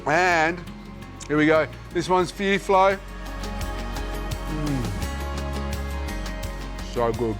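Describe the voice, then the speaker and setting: A man's voice: fairly high pitch, animated, drawn-out words, long pauses, music in the background. An Australian man hosting a cooking show, chatting in a friendly, jokey way as he works, on a lapel mic. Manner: friendly, jokey, thinks aloud while working. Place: kitchen set.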